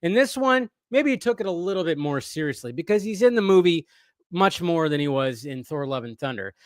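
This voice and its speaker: Speaking briskly with lively intonation in a fairly high voice, the man hosts an informal movie-news live stream. He rambles, restarts often, and reads viewer messages out loud, all captured in clean studio sound without echo.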